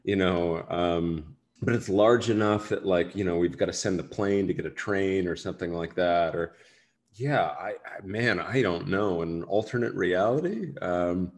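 Very low-voiced chatty man. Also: moderate pace. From United States. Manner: rambling, self-deprecating, many fillers. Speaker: actor guest. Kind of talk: casual interview chat.

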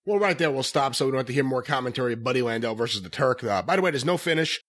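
A man's voice: mid-range voice, animated, rapid-fire, a bit bright. A man co-hosting a wrestling review podcast, recapping matches in casual, enthusiastic chat.

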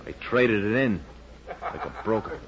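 A man's voice: on the low side, moderate pace, background noise, close to an everyday voice. A man playing a vain, theatrical informer in a 1940s radio drama, dramatic and self-mocking. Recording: dull old radio broadcast.

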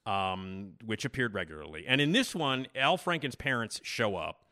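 A man's voice: lowish voice, expressive, normal speed, bright, forceful tone. A male podcast host giving rambling casual commentary with lots of fillers.

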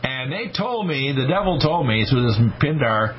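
A man's voice: medium pitch, sing-song, normal speed, a crowd in the background. A man in his sixties hosting a radio talk show, telling stories emphatically and acting out the voices of people he quotes. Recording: slightly muffled radio broadcast with faint noise.

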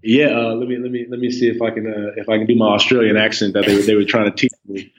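A man in his thirties talking as a guest on a casual podcast, relaxed, with many restarts and "you know"s. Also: lowish voice, quick pace, highs cut off, slight background noise. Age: 30s. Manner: laid-back, stammers on restarts, says "man" and "you know" a lot. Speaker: podcast guest, snack company co-owner.

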